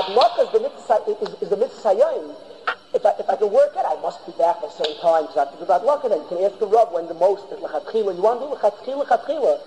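A rabbi teaches a Torah class in a yeshiva hall, speaking emphatically and often repeating and restarting his phrases. His voice sits high and mellow, with the long reverb of a large hall.

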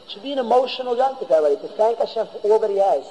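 Rabbi lecturing a yeshiva class: high voice, emphatic, repeats himself, long hall reverb. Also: male voice, lively intonation, rapid-fire, dark tone. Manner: emphatic, repeats and restarts phrases. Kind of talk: Torah lecture.

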